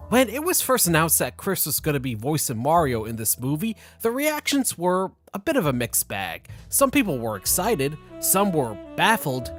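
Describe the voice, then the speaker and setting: A man's voice: a little high, fairly bright tone. A man narrating a scripted commentary video, with sarcastic, mocking asides.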